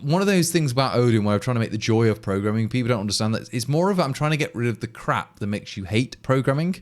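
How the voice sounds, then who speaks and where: Chatting casually during a live coding stream, this man from Leicestershire, England, thinks out loud and answers viewers in an East Midlands accent. His medium-pitched voice is expressive and quick.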